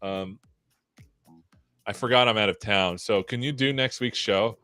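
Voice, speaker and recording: A man's voice: fairly low pitch, a little slow, bright, forceful tone, clear, resonant tone, no echo, faint music behind. A man hosting a casual tech livestream, joking around and poking fun at himself. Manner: joking, self-deprecating. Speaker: tech show host.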